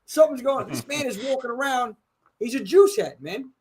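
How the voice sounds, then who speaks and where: High-pitched Brooklyn-accented man, animated. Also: moderate pace, a crowd in the background. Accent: New York, Brooklyn. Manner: animated, joking, swears freely. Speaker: podcast host. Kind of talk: casual live-stream chat.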